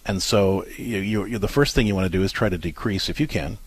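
Husky-voiced man giving parenting advice. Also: low voice, brisk, dry recording. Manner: earnest, explanatory, many restarts and fillers. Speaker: parenting show co-host. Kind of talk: advice talk.

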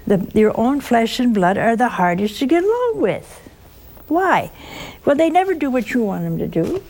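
A woman's voice: on the high side, very animated, moderate pace, darkish tone. A woman preaching an informal sermon full of stories, plain-spoken, sometimes dropping to a whisper for emphasis. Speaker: religious speaker.

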